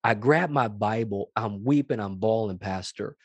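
A man's voice: on the low side, moderate pace, breathy edge, no room sound. A man, a pastor, giving a passionate testimony in an interview, emphatic and repeating phrases. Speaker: pastor and executive director, guest.

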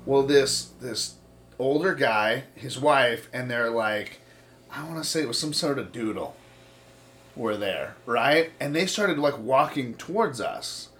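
In an unhurried, mid-range voice, a man swaps stories in relaxed conversation. His telling is animated and foul-mouthed, with acted-out quotes throughout.

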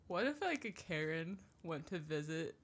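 Young female co-host, animated voice, jokey interruptions, echoey room. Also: sits low, moderate pace. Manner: joking, interrupts with questions and silly what-ifs. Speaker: podcast co-host. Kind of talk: casual chat.

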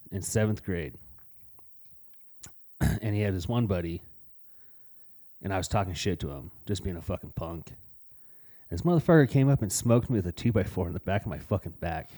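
Profane deep-voiced man telling stories. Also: warm tone, husky. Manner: profane, blunt storytelling. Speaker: podcast co-host. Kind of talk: casual storytelling chat.

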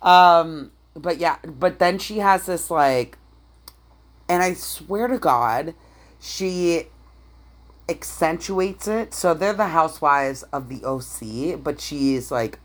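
Low-voiced woman gossiping bluntly. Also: slow pace. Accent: Canadian. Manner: blunt, swears freely, animated gossiping. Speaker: podcast co-host. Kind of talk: casual chat.

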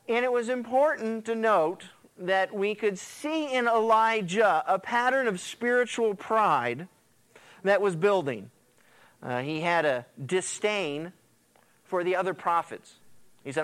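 Animated preacher with a smooth, fairly high voice. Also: male voice, measured pace. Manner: animated storytelling preacher, acts out quotes. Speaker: pastor. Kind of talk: sermon.

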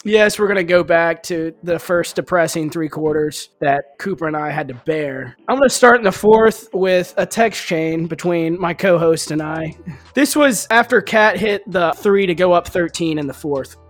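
Hyped guy hosting a hoops podcast, kinda high voice, laughs a lot, faint music behind. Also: moderate pace. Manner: excitable, laughs often, reads texts aloud. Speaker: podcast host. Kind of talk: casual sports podcast chat.

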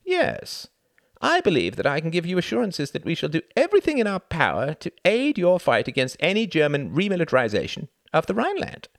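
A man's voice: on the high side, wildly swooping pitch, a little fast, gravelly, no echo, clean studio sound, pitched above the performer's own voice, full character voice. A man voicing a smiling British minister who placates and reassures, in an audiobook reading. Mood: placating.

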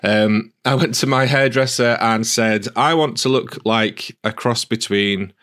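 A man's voice: mid-range voice, steady tone, unhurried, a bit bright. A man co-hosting a casual podcast, telling stories in a chatty, self-deprecating way. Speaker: podcast co-host. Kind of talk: casual chat.

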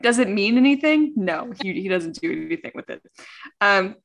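A woman co-hosting a casual podcast, chatting quickly and laughing often. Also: mid-range voice, expressive. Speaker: podcast co-host. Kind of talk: casual chat.

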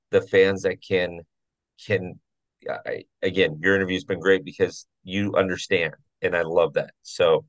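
A man's voice: low-pitched, dry recording, highs cut off. A man hosting a podcast, enthusiastic and jokey, repeating himself as he wraps up an interview. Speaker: podcast host.

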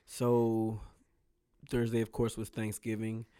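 A man's voice: lowish voice, completely flat delivery, takes it slowly, dark tone, smooth, no room sound, clean studio sound. A man co-hosting a podcast in casual chat, joking and telling stories with bursts of laughter. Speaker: podcast co-host.

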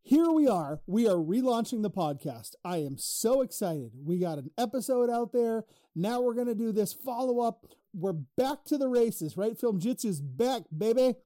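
A man's voice: high-pitched, sing-song, normal speed, hardly any pauses, warm tone, no room sound. A man co-hosting a podcast in casual, profane banter, arguing and laughing, close on the mic. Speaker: podcast co-host.

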